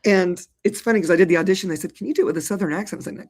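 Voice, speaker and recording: A woman in her sixties, an actor and therapist, talking as a guest in an interview in an animated, colloquial way, calling listeners "y'all". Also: lowish voice, rapid-fire, few pauses. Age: 60s. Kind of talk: lively interview conversation.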